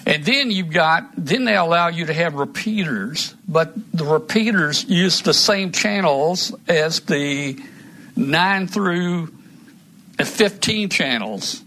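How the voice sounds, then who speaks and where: A man's voice: a little high, lively intonation, takes it slowly, bright, forceful tone, slight background noise. A man hosting a casual live stream, rambling through gear talk with many restarts. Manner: rambling, restarts often, trails off. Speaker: host of a radio hobby live stream.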